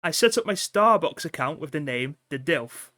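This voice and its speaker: A man's voice: expressive, moderate pace, bright, forceful tone, no echo. Self-mocking older man in his sixties. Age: 60s. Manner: self-mocking and dry, drops into a low mutter. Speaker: podcast co-host. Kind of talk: casual banter.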